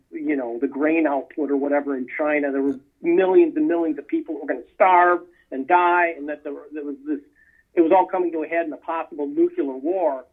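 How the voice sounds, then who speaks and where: Guy with a husky kinda high voice rambling about movies, sounds like a phone line. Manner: rambling, many fillers and restarts. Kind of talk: casual film chat.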